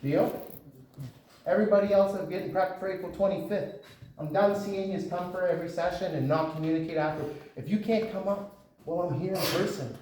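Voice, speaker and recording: A man's voice: high-pitched, fairly quick, darkish tone, a little hiss or hum. A man from Canada, a boxing coach giving his fighters a blunt talk about speaking up, in a gym. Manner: blunt, lecturing. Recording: echoey gym from far off.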